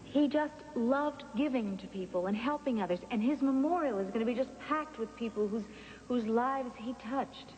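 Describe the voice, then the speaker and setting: An actress playing a strong-willed grown daughter in a daytime soap opera, talking in an insistent, emphatic way. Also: female voice, fairly high pitch, normal speed, darkish tone, in a large hall, lo-fi sound, a little hiss or hum, lightly acted. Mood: consoling.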